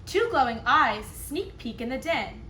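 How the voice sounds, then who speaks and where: A woman kindergarten teacher reading a picture book aloud, expressive, with playful asides to the children. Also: high voice, a little slow, slight background noise. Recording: echoey room.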